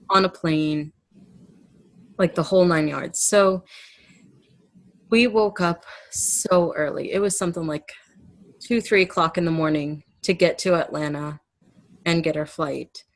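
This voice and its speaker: A woman casually telling a personal story in conversation, animated and laughing often. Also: lowish voice, no room sound.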